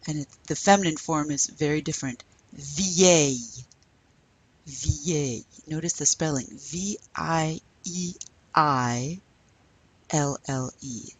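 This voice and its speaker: A woman teaching French in a recorded lecture, slowly modelling pronunciation for students to repeat. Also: low voice.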